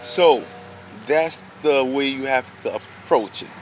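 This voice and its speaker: A man's voice: mid-range voice, takes it slowly, a little hiss or hum, rough recording. A man giving a loose, slangy street monologue, preaching and firing off rhetorical questions.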